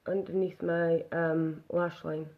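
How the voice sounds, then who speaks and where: A woman's voice: lowish voice, flat delivery, slow pace, phone-quality sound. A woman chatting casually through a live makeup demonstration, narrating each step aloud.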